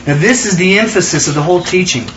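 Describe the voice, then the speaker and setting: A man leading a Bible study, excitable and emphatic, prompting his listeners to answer and repeat after him. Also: high voice, fast talker, reverberant, lo-fi sound, noisy background. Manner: excitable, emphatic, calls for responses.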